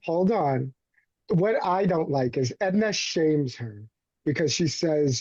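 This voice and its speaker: Low, slow-talking woman co-host. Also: dark tone, breathy edge, no room sound, lo-fi sound. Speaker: podcast co-host. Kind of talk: casual chat recapping a soap opera.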